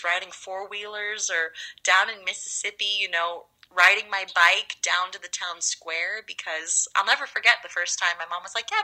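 A young woman from Los Angeles, a guest actress, telling animated stories in a casual interview. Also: on the low side, low-quality recording. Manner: animated, drawn-out storytelling.

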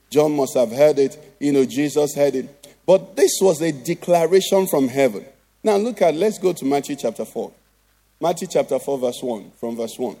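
A man's voice: on the high side, warm tone. A Nigerian man preaching a sermon as pastor, tossing rhetorical questions at the congregation.

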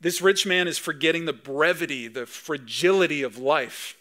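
Speaking at a moderate pace in a voice on the high side, a Canadian pastor in his thirties gives a conversational sermon packed with personal stories. He is animated, storytelling, and at times emotional.

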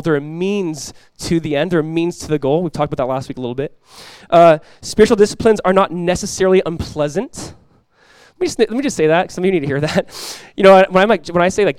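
A young adult man preaching a sermon as pastor, energetic and conversational, often restarting his phrases. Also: on the high side, fast, clean tone, dry recording.

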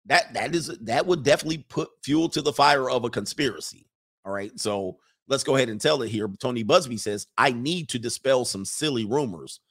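A man's voice: medium pitch, fairly quick, a bit bright. A man giving casual sports commentary who rambles, often restarting and correcting himself.

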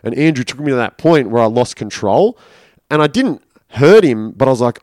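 A man's voice: mid-range voice, big pitch swings, fairly quick, darkish tone, no echo, clean studio sound. A man candidly recounting a personal story in casual conversation, swearing freely and acting out his inner voices. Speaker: podcast guest.

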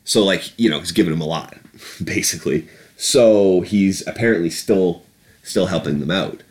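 A man's voice: deep voice, moderate pace, darkish tone. A man ranting about politics on a podcast, profane and sarcastic. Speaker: podcast host. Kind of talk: casual political rant.

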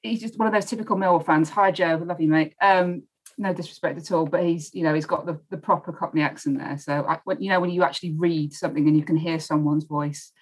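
Lowish woman on a pod, lots of ums, thinking it through. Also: fairly even intonation, fast, breathy edge, rough recording. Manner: thoughtful, hesitant with many ums. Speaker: podcast co-host. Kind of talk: casual podcast chat.

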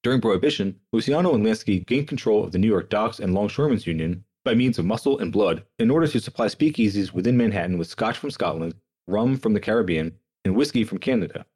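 Ein junger Mann liest als Podcast-Host Geschichtsnotizen vor, schnell und leicht heiser, mit etwas tiefer Stimme. Immer wieder unterbricht er sich mit sarkastischen, fluchenden Kommentaren. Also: male voice, fairly low pitch, animated, a little mellow, breathy edge. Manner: quick, sardonic, swears in asides. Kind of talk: reading history notes aloud with casual asides.

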